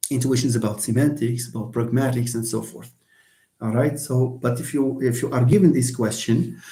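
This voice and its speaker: A university English lecturer with a warm, medium-pitched, reverberant voice teaches linguistics in an online Q&A session. He explains patiently, repeats his points, and slips Arabic phrases into his speech.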